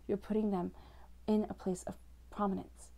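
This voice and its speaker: A woman's voice: mid-range voice, flat delivery, moderate pace, vocal fry, dark tone. A woman giving a tarot reading, speaking directly and reassuringly to the listener in a flowing way. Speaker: tarot reader. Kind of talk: scripted-free spoken tarot reading to camera.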